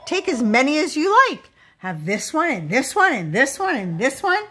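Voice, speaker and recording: A woman voicing a big, bearded painter who speaks gently and patiently to his son, in a lively storybook reading. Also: high-pitched, moderate pace, slightly rough, pitched above the performer's own voice, exaggerated voice. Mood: gentle. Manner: soft, patient and kindly.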